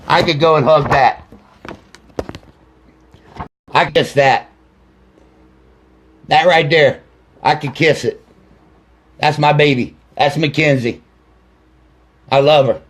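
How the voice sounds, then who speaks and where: A man, a grieving father, in an angry direct-to-camera video rant, accusing officials and swearing with heavy repetition. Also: a little high. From Ohio.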